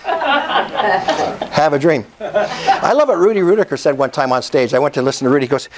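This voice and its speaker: A man's voice: a little high, very animated, moderate pace, pauses often. A man in his sixties giving a fervent, preacher-like motivational speech at an investor meetup, calling out to the audience for responses. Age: 60s. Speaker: speaker at a real estate investor meetup.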